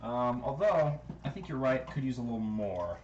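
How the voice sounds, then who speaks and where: A man hosting a casual cooking livestream, keeping up a relaxed running commentary with fillers as he works. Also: medium pitch, normal speed, highs cut off. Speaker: livestream host. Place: home kitchen. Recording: echoey kitchen with loud background noise.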